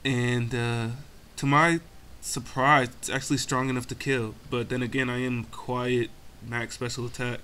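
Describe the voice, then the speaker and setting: A young gaming commentator gives casual play-by-play in a forceful, bright, mid-range voice with little pitch movement and a measured pace. His commentary is full of profanity, exasperated grumbling, and self-mocking asides, with slight background noise.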